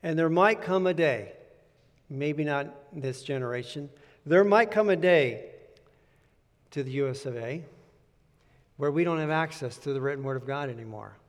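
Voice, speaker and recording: A man's voice: a little high, normal speed, pauses often. A male pastor preaching a sermon in an earnest, conversational way, repeating key points for emphasis. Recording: long reverb of a large hall.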